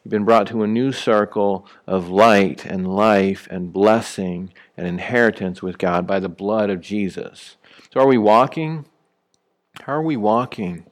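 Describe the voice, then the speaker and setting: A man's voice: on the low side, a little slow. A man preaching a sermon in an easygoing, conversational way, with frequent fillers and restarts. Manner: rises sharply when acting out calling someone back. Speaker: pastor.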